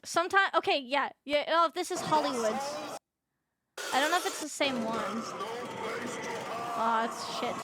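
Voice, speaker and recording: A young woman streamer telling an animated story in casual chat, swearing freely. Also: high-pitched, unhurried, long pauses, noisy background. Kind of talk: casual chat while gaming.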